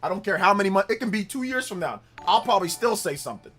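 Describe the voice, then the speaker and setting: A man's voice: high-pitched, animated, fast talker, a bit bright, soft background music. A man hosting a casual gaming livestream, rambling in repeated phrases and defiant at times. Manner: repetitive, heated, defiant rambling. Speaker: livestream host.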